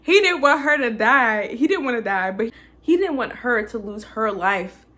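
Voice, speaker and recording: A woman's voice: fairly high pitch, expressive, moderate pace, sharp tone. A woman recapping a film in a casual rant, emotional and chatty, laughing between many fillers. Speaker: movie reviewer.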